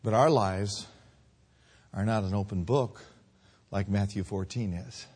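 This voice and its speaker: A man preaching a sermon, swinging between loud drawn-out peaks and quiet low lines. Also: slightly rough.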